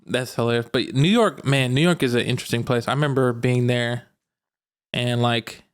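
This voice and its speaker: A young man from Arkansas, co-hosting a podcast in a relaxed, slangy chat, laughing often. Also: medium pitch, normal speed, smooth. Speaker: podcast co-host. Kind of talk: casual chat.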